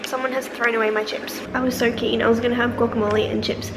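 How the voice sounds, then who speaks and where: A woman's voice: fairly high pitch, little pitch movement, fast talker. A woman vlogging casually at home, chatty and ironic, with lots of filler words. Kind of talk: casual vlog chat. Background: background music.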